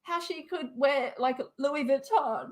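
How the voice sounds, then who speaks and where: A woman's voice: high voice, takes it slowly. Rambling young woman streaming. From Western Australia. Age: young adult. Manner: rambling, swears often, laughs a lot. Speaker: livestream host. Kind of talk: casual livestream chat.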